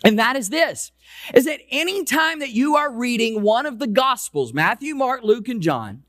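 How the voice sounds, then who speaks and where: Male pastor, high voice, dry close sound, conversational sermon that slows for emphasis. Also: sing-song, fairly bright tone, no room sound. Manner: conversational preaching with repeated restarts. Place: church sanctuary.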